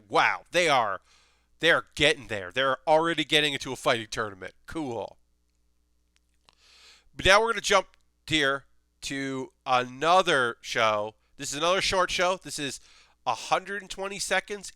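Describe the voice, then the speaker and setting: Young guy rambling about shows, bright crisp voice, dry close sound. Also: a little high, moderate pace, no room sound. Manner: rambling, animated, frequent fillers and restarts. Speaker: anime video host. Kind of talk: casual commentary.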